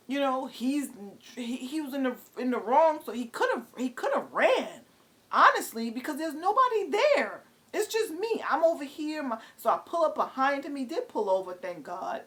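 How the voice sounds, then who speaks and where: A middle-aged woman from New City, telling a story in an exasperated, halting vlog rant. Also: high-pitched. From New York City. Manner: animated, exasperated, halting with many fillers. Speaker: vlogger.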